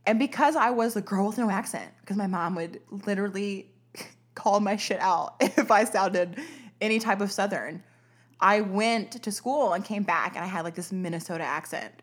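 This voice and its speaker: Husky-voiced woman chatting casually. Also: medium pitch, expressive, normal speed. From Arkansas, US. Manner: swears freely and laughs often. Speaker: podcast host. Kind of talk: casual chat.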